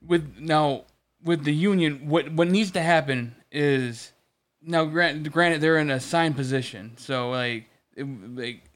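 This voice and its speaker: A man's voice: fairly high pitch, measured pace, a bit bright. A man in casual chat, telling a long story about work with lots of restarts and swearing. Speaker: podcast co-host.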